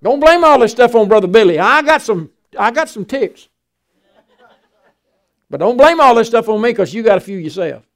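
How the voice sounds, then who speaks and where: Older man, preacher, high-pitched voice, loud emphatic sermon. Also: expressive, moderate pace, pauses often. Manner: swings from loud emphatic preaching to quiet storytelling.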